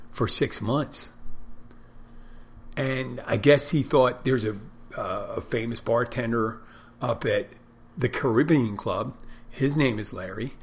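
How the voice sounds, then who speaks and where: A man, a bartender who podcasts, talking in a rambling, self-deprecating casual monologue with a loud barking delivery. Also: medium pitch, breathy edge.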